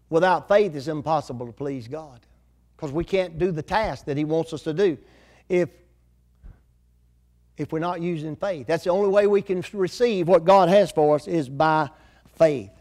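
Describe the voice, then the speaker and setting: Older male preacher, high voice, homespun conversational sermon delivery. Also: moderate pace, darkish tone. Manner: folksy, conversational preaching with rural grammar.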